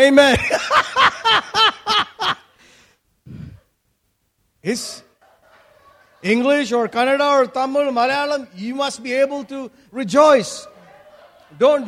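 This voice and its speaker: A man from Kerala with an Indian accent, preaching an energetic sermon, shouting and laughing with playful asides. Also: extremely high pitch.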